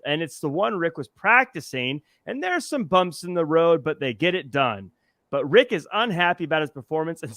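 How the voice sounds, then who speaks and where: A man's voice: on the high side, sharp tone, dry recording, studio quality. A man hosting a casual movie review chat, recapping scenes with hesitant restarts. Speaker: podcast host.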